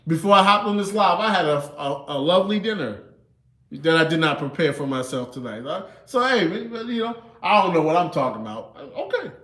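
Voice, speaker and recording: A man's voice: a little high, very animated, fairly quick, a bit bright, echoey room. A man in his thirties hosting a casual livestream, laid-back and chuckling, often tagging his lines with "you know" and "man". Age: 30s. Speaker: livestream host.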